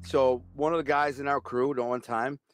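A man's voice: medium pitch, fairly even intonation, normal speed, no echo, studio quality, soft background music. A man telling a blunt, streetwise story as an interview guest. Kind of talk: casual storytelling.

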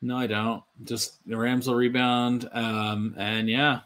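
A man co-hosting a podcast, chatting casually and riffing in an animated way. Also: medium pitch. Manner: animated, quick riffing, lots of fillers. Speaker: podcast co-host. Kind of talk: casual chat.

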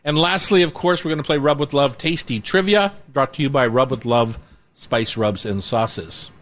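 A man's voice: medium pitch, moderate pace, fairly bright tone. A man hosting a casual food radio show from a kitchen studio, upbeat and rambling with jokes. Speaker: radio show host and chef.

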